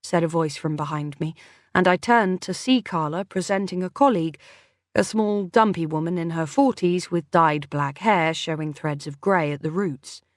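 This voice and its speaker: A woman's voice: on the low side, moderate pace, dry recording. Woman narrating an audiobook, dry sound. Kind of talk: first-person audiobook narration.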